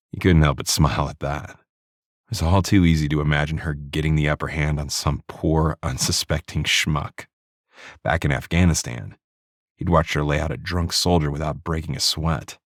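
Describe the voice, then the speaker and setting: A man reading a crime novel audiobook in steady, even scripted narration into a close studio mic. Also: rumbling low, normal speed, dry recording.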